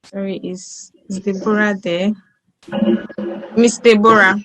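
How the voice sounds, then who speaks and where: A woman's voice: medium pitch, flat delivery, takes it slowly, fairly bright tone, soft background music, low-quality recording. A woman hosting an online event, hesitant and apologetic, often restarting her sentences. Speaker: event host.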